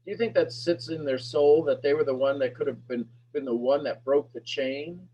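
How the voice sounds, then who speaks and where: A husky man with a voice pitched a little high runs a sales master class. He hammers his points home with repeated questions and often climbs to a near-shout. The sound is dull and lo-fi, like a webinar recording. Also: moderate pace. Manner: emphatic, repetitive questions, rising to near-shouting. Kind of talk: animated teaching talk to an online audience.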